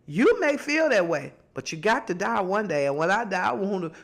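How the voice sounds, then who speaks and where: A woman talks through her own podcast in an animated, preaching way, her pitch rising and falling widely. She sounds slightly stuffy from allergies. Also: moderate pace. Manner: animated, preachy, sings a phrase, mimics voices. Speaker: podcast host. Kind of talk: casual commentary.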